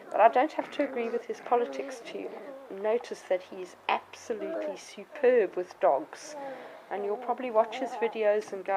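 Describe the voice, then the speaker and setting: A woman's voice: creaky, noisy background. A woman talking casually in a vlog about her puppies, outdoors in a garden with dogs around. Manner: chatty, warm toward the puppies, with sudden squeaky baby-talk to dogs. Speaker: dog breeder. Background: dogs barking now and then.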